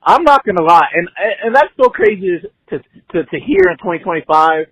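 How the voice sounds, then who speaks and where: A man calling into a sports show, ranting furiously and shouting with profanity. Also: high voice, expressive, moderate pace, dry recording, poor audio. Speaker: caller. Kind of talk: angry sports call-in rant.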